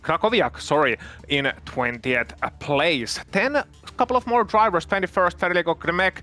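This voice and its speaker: A man's voice: sits high, lively intonation, moderate pace, bright, forceful tone. A man co-commentating a sim racing broadcast in a chatty, playful way, listing drivers and positions.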